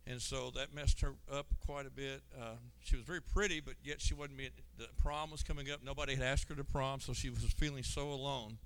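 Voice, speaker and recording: A man with a smooth, resonant voice and an everyday middle pitch, speaking before a church congregation. He recounts a youth trip haltingly, restarting phrases and dropping in an amen. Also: steady tone, fairly bright tone, low-quality recording.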